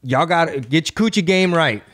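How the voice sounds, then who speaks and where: A man hosting a casual comedy podcast, profane and riffing, slipping into quick impressions. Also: on the high side, animated, fairly bright tone, husky. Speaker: podcast host.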